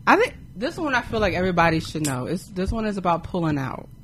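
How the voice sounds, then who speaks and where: A podcast guest reading a myth aloud, pausing and stumbling over the text. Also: medium pitch, sing-song, fairly bright tone, a little hiss or hum. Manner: reads haltingly with pauses and fillers. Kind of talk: reading aloud in casual chat.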